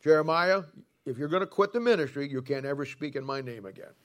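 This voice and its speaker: A man voicing the Lord as a stern male figure, calm and firm. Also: fairly high pitch, fast talker, natural voice.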